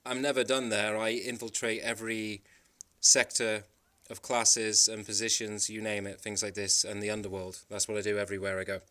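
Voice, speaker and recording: With a fairly low, flat-pitched voice and a sharp tone, this Isle of Man travel vlogger talks at normal speed with few pauses. He tells his stories casually, rambling emphatically and restarting frequently.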